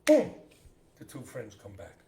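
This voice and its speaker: An animated man co-hosting a podcast and telling jokes, his voice swooping widely as he acts out the people in them. His tone is gravelly. The recording sounds roomy, with a faint hiss underneath. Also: mid-range voice, unhurried. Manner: animated storyteller who acts out joke characters. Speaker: podcast co-host. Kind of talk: casual joke-telling banter.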